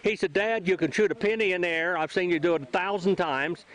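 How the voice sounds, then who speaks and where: A man's voice: high voice, fast, fairly bright tone, low-quality recording. An older man hosting a casual outdoor chat, telling a rambling story and repeating himself as he acts out what people said. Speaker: host and sighting witness. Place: outdoors near a trailhead.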